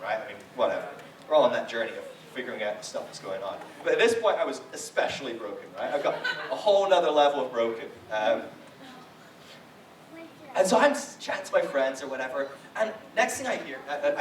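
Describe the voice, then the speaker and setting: A man giving a conversational sermon as a guest preacher, telling stories with frequent "right?" asides and acting out quotes. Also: a little high. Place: church hall. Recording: echoey hall, distant mic, faint noise.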